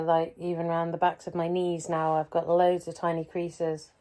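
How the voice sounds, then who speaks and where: A woman's voice: fairly low pitch, flat delivery, moderate pace, few pauses, dark tone. Rambling, hesitant woman vlogger. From England. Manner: rambling, hesitant, self-mocking. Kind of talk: casual vlog update.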